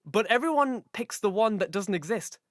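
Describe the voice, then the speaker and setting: A man's voice: high voice, lively intonation, moderate pace, no echo, clean studio sound. A young man from Ireland with a light Irish accent, co-hosting a casual podcast and joking around. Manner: jokey, breaks into loud comic voices. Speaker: podcast co-host.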